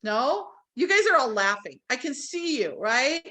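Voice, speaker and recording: A woman's voice: sits high, sing-song, measured pace, sharp tone. A woman teaching a real estate training class to a live audience, talking animatedly and acting out quoted phone calls.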